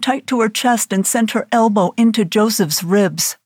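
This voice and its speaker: A woman narrating an audiobook thriller in a steady, dramatic reading voice. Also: mid-range voice, a little slow, no echo, clean studio sound.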